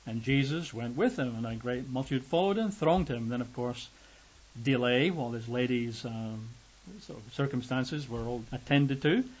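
A man's voice: slightly rough, lo-fi sound. A man preaching a sermon, reading scripture and explaining it conversationally, acting out the quoted voices. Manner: conversational, acts out quoted voices with rising pitch.

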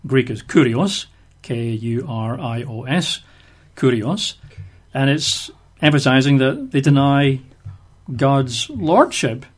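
A man's voice: medium pitch, lively intonation, takes it slowly. A man giving conversational Bible teaching, explaining verses with everyday examples.

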